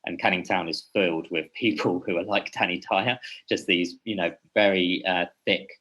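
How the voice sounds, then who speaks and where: A man's voice: deep voice, steady tone, normal speed, pushed and bright, husky, poor audio. A man talking as a podcast guest, a boxing journalist who speaks in a meandering, hesitant way and keeps correcting himself. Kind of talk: casual podcast conversation.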